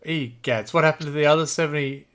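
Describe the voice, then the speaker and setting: A man's voice: a little high, fast talker, fairly bright tone. An Australian man hosting a casual podcast chat, joking and laughing often between remarks. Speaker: podcast host.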